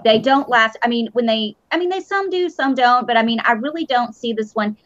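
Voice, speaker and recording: A woman hosting a casual chat show over a stream, blunt and sarcastic, and quick to swear. Her voice sits fairly high, and the sound is dull and lo-fi. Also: fairly bright tone. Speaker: host. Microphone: streaming mic. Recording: lo-fi online stream audio.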